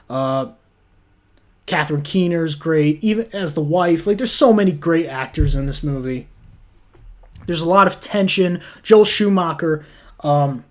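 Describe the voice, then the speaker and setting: Man, movie reviewer, casual talk, blunt, profane, opinionated, ranting. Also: on the high side.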